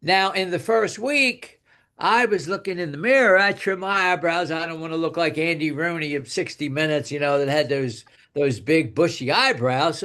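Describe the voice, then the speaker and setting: An older man with a slightly high voice tells a long personal story in a loose, rambling way. He repeats himself often and goes quieter when he quotes what was said. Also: normal speed. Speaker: guest speaker telling a testimonial. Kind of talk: casual storytelling.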